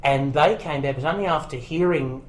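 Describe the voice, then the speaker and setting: Man telling lively stories. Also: on the high side, fairly quick, a little hiss or hum, poor audio. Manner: animated storyteller who quotes people in character. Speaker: guest voice actor and comedian. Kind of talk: casual interview anecdotes. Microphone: home recording setup.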